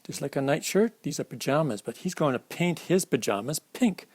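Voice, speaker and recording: A man's voice: fairly high pitch, expressive, normal speed, a little mellow, dry recording. A man reading a children's alphabet picture book aloud at storytime, stopping to explain the pictures to young listeners. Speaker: storytime reader.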